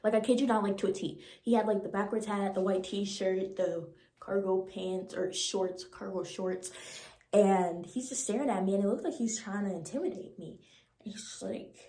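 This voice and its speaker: Animated, slangy young woman telling a story. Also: medium pitch, normal speed. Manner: animated and slangy, acting out the voices. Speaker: vlogger. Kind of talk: storytime vlog. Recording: roomy echo.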